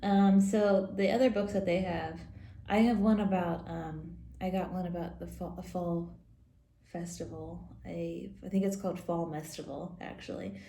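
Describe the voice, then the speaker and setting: A woman teaching Sunday school who reads a silly picture book aloud to children, playful and quick to giggle. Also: on the low side, fairly even intonation, vocal fry, mellow, slight background noise. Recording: roomy echo.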